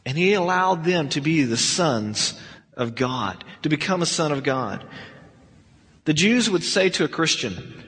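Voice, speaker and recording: A man's voice: high-pitched, normal speed, a bit bright. A man teaching a verse-by-verse Bible study in a conversational, emphatic way, often restarting his sentences. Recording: long hall reverb.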